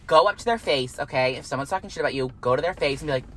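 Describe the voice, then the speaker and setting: A woman's voice: low voice, rapid-fire, a little hiss or hum, low-quality recording. A woman in her twenties delivering a heated, profane rant to camera, repeating herself and swearing freely. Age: 20s. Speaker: vlogger.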